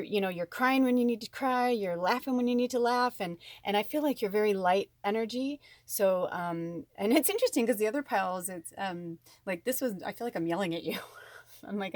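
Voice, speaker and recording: A woman giving a casual spiritual card reading, chatty and rambling with frequent ums, warm and encouraging toward her viewers. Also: mid-range voice, dry recording, clean studio sound.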